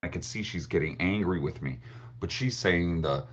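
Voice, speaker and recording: A man's voice: low voice, moderate pace, highs cut off. A man from Chicago telling loose, profane stories about his daughter in casual chat.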